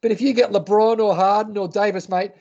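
Aussie guy with a high voice, banter and mock outrage, podcast audio a bit dull. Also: steady tone, fairly quick, darkish tone. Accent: Australian. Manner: joking, mock-indignant banter. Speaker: podcast co-host. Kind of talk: casual sports chat.

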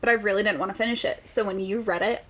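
A young adult woman co-hosting a podcast, chatting casually about books, swearing freely and telling animated stories. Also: mid-range voice, very fast. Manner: profane, animated storytelling. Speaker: podcast co-host. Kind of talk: casual book chat. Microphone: podcast mic.

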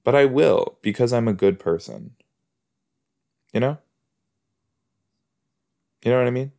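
A man's voice: mid-range voice, lively intonation, a little slow, vocal fry, dark tone. A man hosting a podcast, giving casual solo reactions while he watches a TV episode. He chats, laughs at his own jokes and tosses out rhetorical asides.

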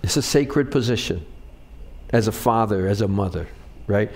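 A pastor preaching a sermon, animated, with frequent restarts and rhetorical questions to the congregation. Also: male voice, lowish voice, moderate pace.

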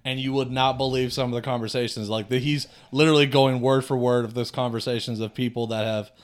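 A man co-hosting a podcast, explaining things in a relaxed, rambling way. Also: mid-range voice, fast talker. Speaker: podcast co-host. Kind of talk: casual chat.

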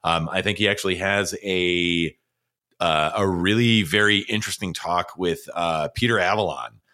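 A man co-hosting a podcast, chatting in an excitable, rambling way with lots of fillers. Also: low-pitched, moderate pace. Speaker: podcast co-host. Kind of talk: casual chat.

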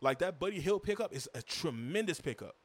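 A man's voice: fairly high pitch, expressive, brisk, dry recording. A young man hosting a solo sports recap, ranting as a frustrated fan with stumbling restarts and repeated rhetorical questions. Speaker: sports podcast host.

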